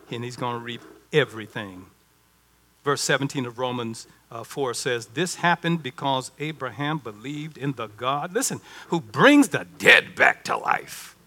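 A man preaching a sermon in a folksy, conversational way, swinging from hushed asides to emphatic calls. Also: mid-range voice. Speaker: pastor.

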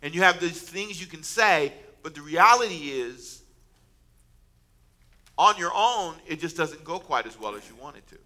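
A pastor preaching a casual, storytelling sermon, joking and conversational with the congregation. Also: male voice, on the high side, moderate pace. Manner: conversational, animated, self-mocking storyteller.

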